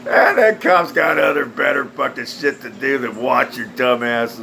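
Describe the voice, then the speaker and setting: A man's voice: a little high, fairly even intonation, normal speed, vocal fry, sharp tone, slight background noise, poor audio. A man delivering a blunt, foul-mouthed, scornful rant straight to camera. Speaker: video ranter. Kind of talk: angry profane rant.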